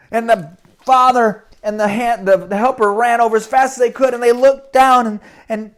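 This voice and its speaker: A man's voice: extremely high pitch, fairly even intonation, moderate pace. A man telling a dramatic story to children, speaking straight to the boys and girls.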